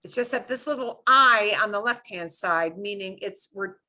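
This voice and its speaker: A woman's voice: mid-range voice, moderate pace, pushed and bright. A woman teaching a beginner Spanish class, explaining patiently and often checking in with "okay?".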